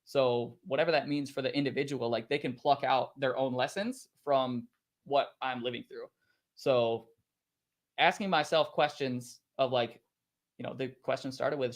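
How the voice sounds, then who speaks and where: A man with a voice of ordinary pitch speaks as a livestream guest. He tells his own story in a calm, reflective way. He says "like" often and takes his time. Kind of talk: casual interview chat.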